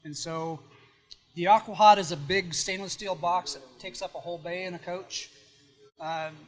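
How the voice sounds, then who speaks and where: Brief: high-pitched male technician, plain-spoken explainer, soft music behind. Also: fairly even intonation, normal speed. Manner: plain-spoken, restarts mid-word. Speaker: service technician.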